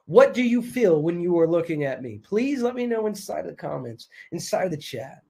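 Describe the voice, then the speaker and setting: Male motivational coach, fairly high voice, hypnotic repeated mantras, near-whispered lows. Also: very animated, moderate pace, vocal fry. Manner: hypnotic repetition, drops to soft near-whispers; hyped, self-assured motivational talk. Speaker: self-help coach. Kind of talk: live online masterclass.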